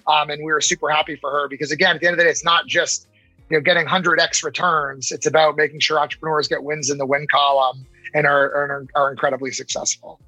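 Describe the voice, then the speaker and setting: Guy investor on a podcast, bright breathy voice, acts out quotes, dry sound. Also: a little high, flat delivery, fast, no echo, soft background music, low-quality recording. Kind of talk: casual interview talk.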